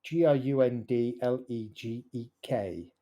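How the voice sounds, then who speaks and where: Relaxed game master narrating a tabletop game, mellow and loosely paced. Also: medium pitch. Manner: casual, halting narration with fillers.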